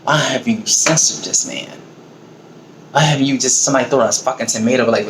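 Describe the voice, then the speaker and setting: A man's voice: mid-range voice, fairly quick, a bit bright, a little hiss or hum. A man on his own video giving a heated, profane, emotional rant about politics. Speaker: vlogger. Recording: roomy echo, faint ambience.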